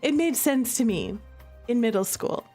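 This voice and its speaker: A woman's voice: a little high, animated, normal speed, dark tone, soft background music. A woman streamer in casual chat at home, playful and giggly as she chats with her pets and coaxes them. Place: room at home.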